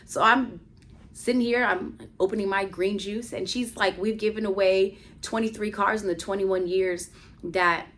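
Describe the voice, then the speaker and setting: A woman vlogger telling a personal story in a casual, animated way, full of "like" fillers, swinging between hushed and exclaiming. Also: medium pitch, moderate pace. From United States.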